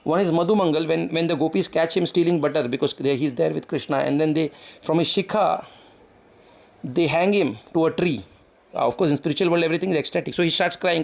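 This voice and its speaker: A man's voice: a little high, brisk, creaky. A man giving an explanatory devotional talk, acting out quoted prayers and using frequent fillers. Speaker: spiritual teacher.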